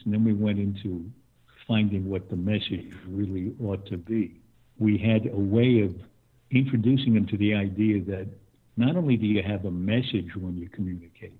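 A man's voice: on the low side, steady tone, moderate pace, breathy edge. An older man, an actor, being interviewed and talking thoughtfully with little chuckles and restarts. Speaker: guest. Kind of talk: conversational interview. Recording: tinny phone line.

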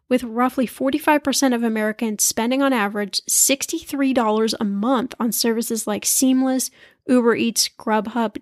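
A woman hosting a podcast in a chatty, animated way, laughing easily as she talks. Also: a little high, dry recording, clean studio sound. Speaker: podcast host. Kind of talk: casual chat.

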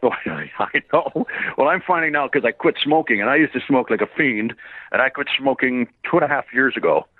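An older man, a voice actor, talking in a rambling and laughing way in a casual interview, swearing freely and tiring his voice quickly. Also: medium pitch, no room sound. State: gets hoarse quickly. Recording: tinny phone-line sound, dry.

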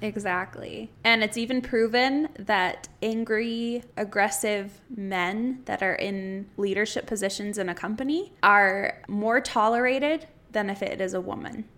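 A woman co-hosting a podcast in casual chat, animated and indignant, laughing between her points. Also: mid-range voice, measured pace, hardly any pauses. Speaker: podcast co-host.

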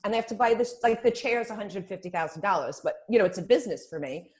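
A woman's voice: medium pitch, fast talker. Emphatic woman explaining eagerly. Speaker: guest, spa business founder. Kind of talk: casual podcast chat.

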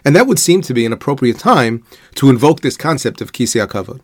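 Guy teaching a torah class, steady mid voice, quotes, dry close sound. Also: mid-range voice, no room sound. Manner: measured explanatory delivery, posing rhetorical questions; weaves Hebrew quotations into English. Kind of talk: religious lecture.

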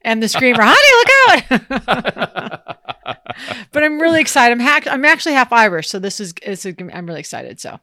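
Bright, playful woman co-host. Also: a little high, sing-song, quick pace, few pauses, no echo, studio quality. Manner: playful, teasing, laughs often. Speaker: podcast co-host. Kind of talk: casual chat.

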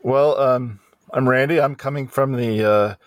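A man's voice: medium pitch, fairly even intonation, a little slow, no echo. A man co-hosting a casual podcast, teasing dryly and stumbling over restarts. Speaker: podcast co-host. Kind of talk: casual chat.

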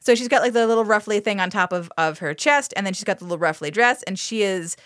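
A woman's voice: medium pitch, quick pace, fairly bright tone, dry recording, studio quality. A woman podcast co-host recapping a TV episode in casual chat, sarcastic and profane, with plenty of fillers.

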